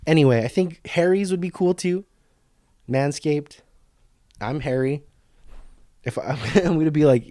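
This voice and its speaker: A man's voice: fairly high pitch, expressive, measured pace, long pauses, mellow, no echo, studio quality. A young man hosting a casual solo podcast, rambling and cursing as he rants and laughs at his own jokes. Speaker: podcast host.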